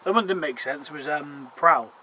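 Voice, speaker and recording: A man in casual chat, quick and agreeable, often affirming. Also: on the high side, bright, forceful tone, rough recording. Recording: faint background noise.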